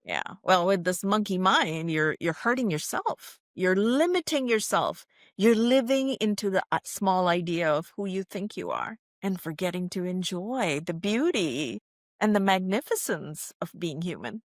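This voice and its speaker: A woman speaks as a podcast guest in a low, steady voice, calm and teacherly. She leans on key phrases and slows down for emphasis. The sound is dry and close. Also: no echo. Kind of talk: reflective interview answers.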